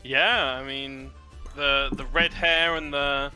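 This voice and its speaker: A man playing a tabletop game, describing his character in a measured way while searching for words. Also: medium pitch, steady tone, bright, forceful tone, faint music behind. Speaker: player.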